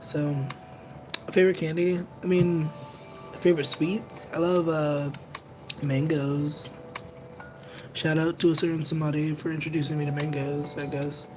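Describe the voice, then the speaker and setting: A young man chatting casually with viewers on a livestream, rambling and second-guessing himself out loud. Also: a little high, level tone, unhurried, long pauses. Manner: rambling, self-conscious, overthinks aloud. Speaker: livestreamer and tarot reader. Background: music playing in the background.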